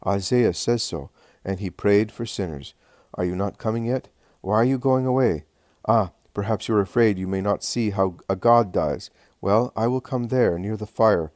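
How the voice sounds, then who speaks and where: Male reader playing a calm, loving teacher, low and measured, close and dry. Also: dry recording, lightly acted. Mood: earnest.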